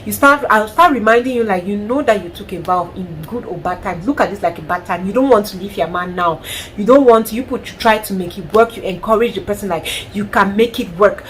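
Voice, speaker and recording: A Cameroonian woman vlogger giving frank, animated advice with a Cameroonian accent in a casual monologue. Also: medium pitch, a little fast, a little hiss or hum, poor audio. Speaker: lifestyle vlogger.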